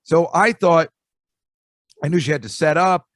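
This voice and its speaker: A man's voice: on the high side, a little slow, no room sound, studio quality. An older man telling a long, rambling, self-deprecating comic story as a podcast host, full of restarts.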